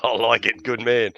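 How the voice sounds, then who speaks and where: Give me a bright-voiced Australian man spinning yarns. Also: mid-range voice, no echo, highs cut off. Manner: laughs often, swears freely, lively yarn-spinning. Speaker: livestream host. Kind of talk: casual chat with jokes and yarns.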